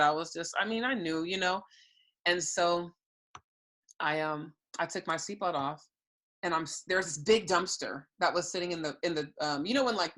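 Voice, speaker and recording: Low, bright-toned woman telling her story. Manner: earnest, storytelling, reenacts her own prayers. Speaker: guest sharing her testimony. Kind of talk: emotional personal testimony.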